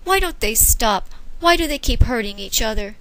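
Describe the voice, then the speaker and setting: A small, tender spirit child in a storybook reading, voiced by a woman. The voice rides high and sounds upset and tearful. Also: animated, normal speed, fairly bright tone, no echo. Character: sensitive young Whisper Child, a small spirit.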